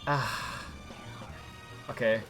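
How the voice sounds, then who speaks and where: A man streaming himself playing a game, chatting casually and yelling in frustration when play goes wrong. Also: drawn-out words. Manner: excitable, yells at the game when things go wrong. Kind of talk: live-streamed gameplay commentary. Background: faint game music.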